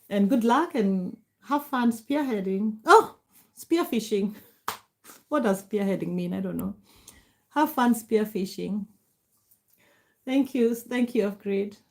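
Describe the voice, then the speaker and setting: A middle-aged woman hosting a casual livestream, warmly greeting viewers by name and laughing often. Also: a little high. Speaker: livestream host. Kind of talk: casual livestream chat reading comments.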